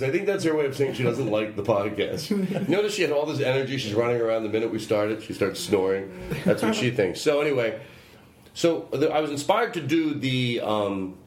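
A man hosting a podcast in casual chat, telling a story in a rambling way that keeps interrupting itself. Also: on the low side. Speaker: podcast host. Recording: roomy with faint background noise.

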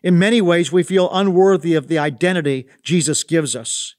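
A man with a notably high voice reading a devotional reflection. His tone is earnest and thoughtful, like a short read sermon. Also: normal speed, a little mellow. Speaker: devotional host.

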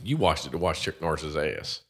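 A man in casual, profane chat with a friend, joking around and slipping into quick impressions. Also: extremely low pitch, expressive.

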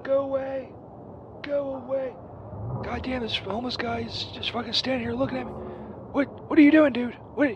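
A crude, hapless saint with a strikingly high, squeaky voice that rambles and curses, easily set off into rage. He is calling from a half-broken street phone booth. The sound is a muffled phone line with faint hiss. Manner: rambling, profane, easily enraged. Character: crude, hapless grown male saint stranded on the road.

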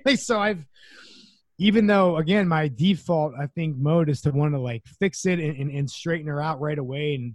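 A man's voice: a little high, wildly swooping pitch, measured pace, pauses often, no room sound. A man as a podcast guest, talking earnestly and reflectively in casual conversation, chuckling now and then.

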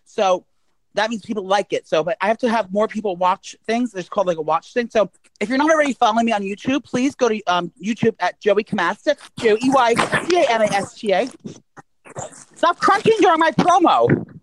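A man's voice: high voice, fast talker, rough recording. A man co-hosting a podcast in casual chat, rambling on with lots of "like" and "um" and reading out his own promos. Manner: chatty and rambling, full of "like" and "um"; reads out promos. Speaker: podcast co-host.

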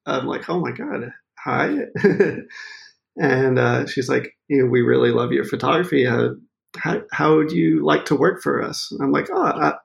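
A man's voice: medium pitch, fairly even intonation, moderate pace, highs cut off. A man telling a story as a photographer being interviewed, laughing often and acting out what people said. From Maine. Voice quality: gravelly. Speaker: photographer guest.

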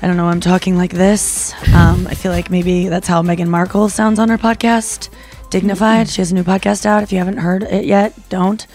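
A woman's voice: lowish voice, level tone, fairly quick, darkish tone, faint music behind. A woman hosting a podcast in casual chat, rambling with lots of fillers. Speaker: podcast host. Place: Los Angeles studio.

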